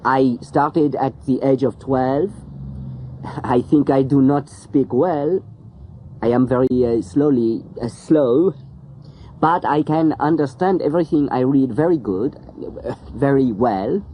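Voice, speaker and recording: A man's voice: mid-range voice, slow pace, lo-fi sound, slight background noise. A man from France with a strong French accent, speaking carefully and hesitantly, correcting himself. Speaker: language learner interviewee.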